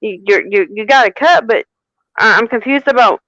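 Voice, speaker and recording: A woman's voice: on the high side, moderate pace, sharp tone, dry recording. A woman who is a tarot reader, chatting in a sassy, playful, teasing way during a live reading. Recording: dull, muffled mic.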